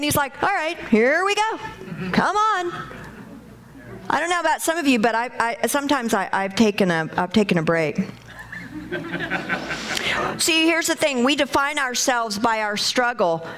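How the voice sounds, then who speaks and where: Animated woman preaching a sermon. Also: high voice. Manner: animated, shouts in acted bursts, talks to congregation.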